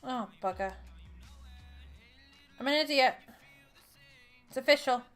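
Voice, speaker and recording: A woman's voice: high-pitched, takes it slowly, a bit bright, faint music behind. A woman hosting a casual crafting livestream from home, chatting and thinking aloud as she works and counting stitches under her breath. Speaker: livestream host.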